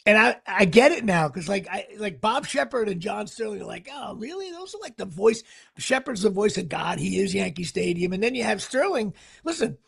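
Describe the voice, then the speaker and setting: A man hosting a casual sports podcast, rambling excitedly and tripping over his words. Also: high voice, fairly quick, vocal fry, slightly rough. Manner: rambling, excitable, stumbles and restarts. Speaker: podcast host.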